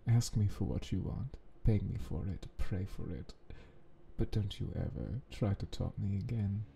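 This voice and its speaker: A man voicing a smug male roommate with a put-on accent, drawling low and teasing. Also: a little slow, gravelly, warm tone, slight background noise. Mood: growling. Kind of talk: dramatic story reading.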